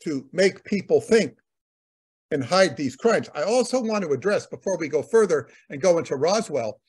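A man's voice: on the high side, animated, normal speed, darkish tone, husky. A man co-hosting a talk, rambling in casual commentary, often repeating words and using fillers. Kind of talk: conversational commentary.

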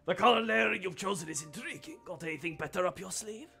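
A man putting on a bossy jealous bar customer, high raspy accented voice, swooping, haughty, music behind. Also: animated, sharp tone, full character voice. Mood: smug, wheedling. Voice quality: gravelly, breathy put-on accent. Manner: haughty, demanding, quick to flare up.

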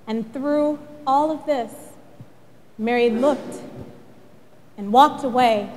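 A woman pastor delivering a sermon in a church, telling the story dramatically and sinking to a hushed prayer. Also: fairly high pitch, takes it slowly, pauses often, in a large hall, slight background noise. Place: church sanctuary.

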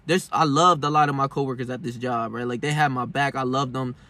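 A man's voice: mid-range voice, steady tone, a little fast, sharp tone. A young man vlogging a personal story in casual, profane street slang, shifting between heated and subdued. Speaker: self-help vlogger.

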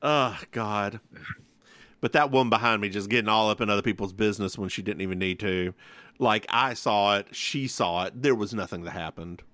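A man co-hosting a podcast, telling stories in a sassy, animated way and acting out what people said. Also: lowish voice, normal speed, no echo. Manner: animated, acts out quotes, sassy. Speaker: podcast co-host. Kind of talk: casual chat, storytelling.

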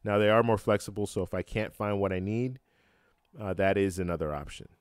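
A man hosting a travel live stream, casually chatting and answering comments, relaxed and halting with lots of fillers, close to his mic at home. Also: fairly low pitch, smooth, no echo. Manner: relaxed, halting, many fillers and restarts, laughs easily. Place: home room with a computer fan. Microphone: close-up microphone.

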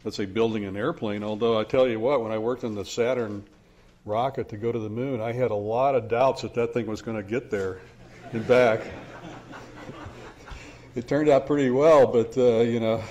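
A man's voice: mid-range voice, steady tone, normal speed, darkish tone, dull audio. An older man giving a conference lecture on finance, speaking with many hesitations and restarts and a dry, self-deprecating humor. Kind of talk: academic lecture.

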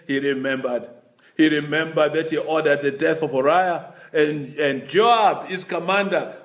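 A man's voice: high voice, fairly bright tone. An older man, a bishop, preaching a sermon in an emphatic, repetitive pleading cadence.

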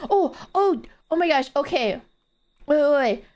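A woman streaming a game, playful, giggly and excitable, talking to her chat. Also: sits high, unhurried.

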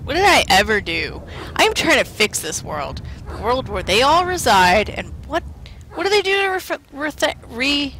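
A woman giving casual commentary while playing a video game, exasperated and self-deprecating, often shouting at the enemies on screen. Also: medium pitch, noisy background. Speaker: let's play commentator.

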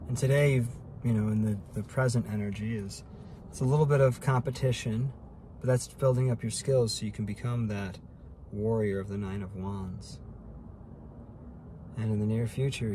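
A man's voice: fairly low pitch, moderate pace, noisy background. A man giving a casual daily tarot reading, thinking aloud and asking spirit about each card. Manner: relaxed, musing, talks to spirit while drawing cards. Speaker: tarot reader.

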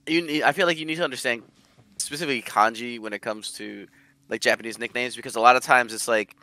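A man's voice: mid-range voice, fast talker, sharp tone, no echo. A man co-hosting an anime podcast, explaining names and background details in a casual way. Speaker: podcast co-host. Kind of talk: casual chat about anime.

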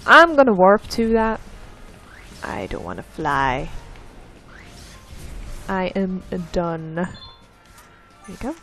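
Animated woman swearing at a video game. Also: lowish voice, slow pace, pauses often, soft background music. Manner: easily frustrated, swears and shouts at the game; laughs at herself. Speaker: let's play gamer. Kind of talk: casual gameplay commentary.

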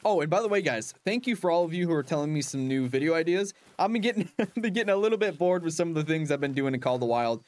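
A man's voice: on the high side, animated, quick pace, a little mellow. A young man giving casual, chatty commentary while playing a hunting game, laughing often and talking to his in-game dog. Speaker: gaming channel host.

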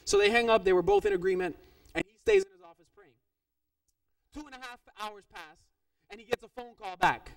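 High-voiced animated male preacher. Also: fairly quick, long pauses, distant mic. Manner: animated, shifting loudness. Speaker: pastor. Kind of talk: storytelling sermon.

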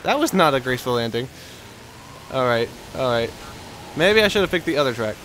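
A man with a Texan accent giving let's play commentary, excitable and yelping at crashes, rambling in self-deprecating asides. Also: fairly high pitch, fairly quick, a little hiss or hum, low-quality recording. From Texas. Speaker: gaming video host.

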